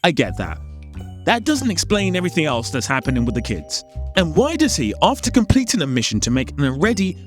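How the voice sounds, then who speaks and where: A man's voice: on the high side, wildly swooping pitch, brisk, faint music behind. Exasperated man ranting about films. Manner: exasperated, incredulous rhetorical questioning. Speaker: film commentator. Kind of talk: comedic film critique voice-over.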